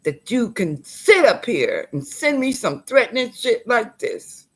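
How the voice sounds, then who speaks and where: A woman's voice: on the high side, sing-song, a little slow. A woman making an impassioned, preachy appeal straight to her viewers, calling them y'all and sometimes dropping to a whisper. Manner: drops to a whisper at times. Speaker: tenant speaking out. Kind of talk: impassioned direct-to-camera appeal.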